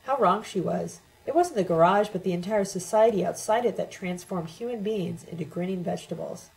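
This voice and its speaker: A woman reading a novel aloud in the first person, steady and even. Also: medium pitch, a little fast, creaky, low-quality recording. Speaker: audiobook reader.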